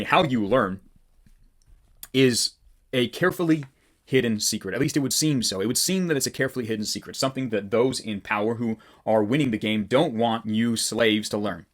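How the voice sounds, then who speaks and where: A man's voice: medium pitch, brisk. A man talking to camera as a copywriting coach, in a casual, blunt, rambling motivational style with loose fillers.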